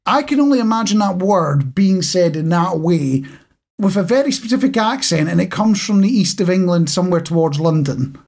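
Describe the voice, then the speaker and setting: A man's voice: high voice, expressive, normal speed, gravelly, a little mellow. Man co-hosting a podcast, wry and dry. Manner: wry, dry humour, addresses listeners directly. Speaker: podcast co-host. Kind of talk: casual chat.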